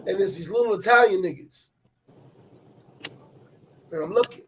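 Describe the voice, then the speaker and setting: A man telling a personal travel story in animated, profane street talk, repeating words as he goes. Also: sits high, normal speed, a little hiss or hum. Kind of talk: casual storytelling chat.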